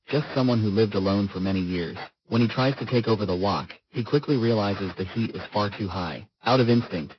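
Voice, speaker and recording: A man narrating a comic story recap in scripted form, with a steady, even storytelling delivery. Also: fairly low pitch, highs cut off, background noise.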